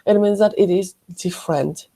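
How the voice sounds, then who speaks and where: A woman teaching an English grammar lesson, explaining slowly and carefully and correcting herself often. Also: mid-range voice, warm tone. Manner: slow, careful explanations with frequent self-corrections.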